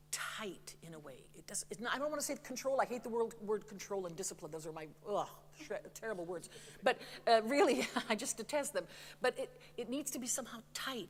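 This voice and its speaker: A woman with a voice on the high side teaches a masterclass in a large hall on a theater stage. She coaches in a chatty, lively, demonstrative way, frequently singing examples between remarks and tossing in some apologetic humor.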